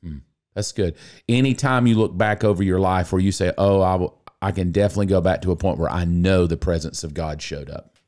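Man, middle-aged pastor, very deep voice, animated casual chat, joking storyteller. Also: a little fast. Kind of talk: casual podcast chat and scripture reading.

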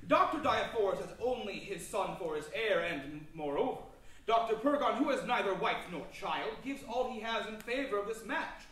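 A stubborn, self-pitying hypochondriac father, played by an actor on stage, blustering and easily outraged in a bright, mid-pitched voice. It rings through a roomy black box theater, heard from far off. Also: animated, normal speed, a little hiss or hum, natural voice. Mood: pompous. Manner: blustering, indignant, huffy. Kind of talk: live theater performance. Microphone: distant room mic.

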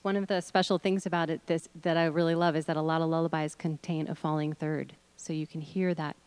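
A woman's voice: deep voice, level tone, a little fast, a little mellow, smooth, no room sound. A middle-aged woman leading an audience through voice exercises, encouraging them and demonstrating with hums, chants and sung notes. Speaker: workshop leader.

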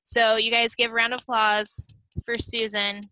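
A woman's voice: fairly high pitch, flat delivery, moderate pace, pushed and bright, clear, resonant tone, no echo, low-quality recording. A woman leading a team meeting on a video call, upbeat and chatty, checking in often with "okay?". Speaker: team leader.

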